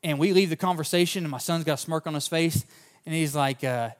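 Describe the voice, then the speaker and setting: Speaking a little fast, a pastor with a fairly high male voice shares a personal story during his sermon. His delivery is sincere, homespun, and down-to-earth, aimed straight at the congregation.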